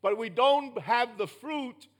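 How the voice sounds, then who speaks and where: High-voiced emphatic New preacher. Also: male voice, lively intonation, slow. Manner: emphatic, rising to loud bursts then dropping low. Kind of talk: sermon.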